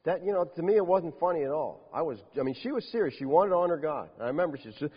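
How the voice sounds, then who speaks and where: A man preaching a sermon, emphatic and animated, firing off rhetorical questions to his congregation. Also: fairly high pitch, racing, few pauses, husky. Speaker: pastor. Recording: dull lo-fi sound with long hall reverb.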